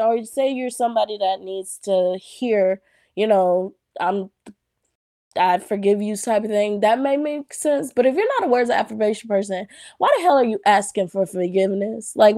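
A young adult woman hosts her own podcast, talking casually and solo in an animated, chatty way, with frequent "like" and "y'all" and laughter between thoughts. Her voice is on the high side, recorded dry with studio quality.

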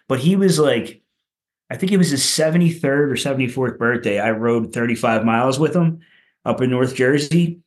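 A man from Philadelphia chats as a podcast guest in a loose, profane way. He pads his talk with "like" and "you know", and his voice climbs higher when a story gets funny. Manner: animated, goes higher when telling funny bits. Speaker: punk rock musician guest.

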